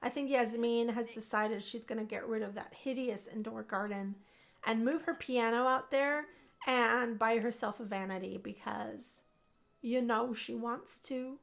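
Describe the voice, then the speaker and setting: A chatty young woman narrating her life-simulation game in a relaxed Let's Play style. Her voice sits a little high, and her talk is upbeat and rambling. She often repeats a phrase to stress it. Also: unhurried, gravelly. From Puerto Rican family. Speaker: gaming video host. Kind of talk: casual Let's Play commentary.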